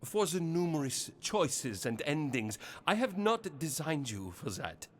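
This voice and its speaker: An actor playing a mysterious, cryptic puppeteer spirit who speaks slowly and solemnly with a German accent. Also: male voice, a little high, very animated, fairly bright tone, a little hiss or hum.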